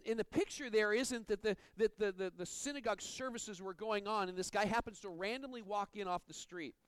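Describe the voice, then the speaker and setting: High-voiced man preaching, dry close sound. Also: clear, resonant tone, no echo, rough recording. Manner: earnest, stumbles and repeats words. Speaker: pastor. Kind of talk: sermon.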